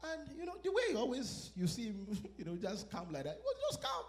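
A man preaching from the pulpit in a notably high voice. He talks animatedly and playfully, acting out both sides of conversations and laughing at his own anecdotes. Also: fairly quick. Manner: animated, acts out quoted exchanges and laughs at his own stories. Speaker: pastor. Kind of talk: sermon.

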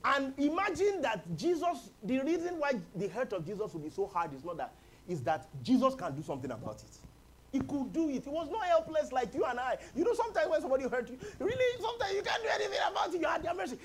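A man's voice: extremely high pitch, sing-song, fast talker, slight background noise, rough recording. A man preaching a humorous sermon as pastor, calling on the congregation to respond. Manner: humorous, chuckles often, calls for congregation responses. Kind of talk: lively sermon.

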